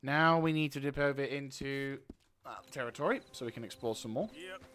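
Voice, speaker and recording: A man casually commentating a video game playthrough, chatting to himself and his in-game horse with bursts of excitement. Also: mid-range voice, a little fast, soft background music. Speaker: gaming YouTuber. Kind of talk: casual let's play commentary.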